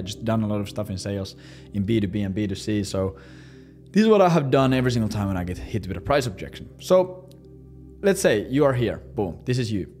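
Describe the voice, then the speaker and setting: A man in his twenties giving a casual sales-coaching talk, brash and profane, sometimes putting on high squeaky voices. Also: a little mellow. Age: 20s. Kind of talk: casual instructional monologue.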